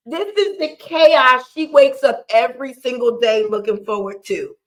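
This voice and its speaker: High-voiced woman giving animated live commentary. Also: measured pace, few pauses, low-quality recording. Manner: animated, laughs often while talking; talks straight to her viewers and co-hosts by name. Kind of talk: casual live reaction commentary.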